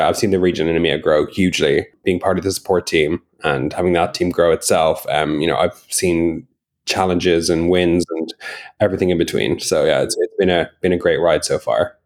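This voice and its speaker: Deep-voiced man, relaxed podcast guest. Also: normal speed. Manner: relaxed, conversational, some restarts. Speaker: support team lead, guest. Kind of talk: casual interview chat.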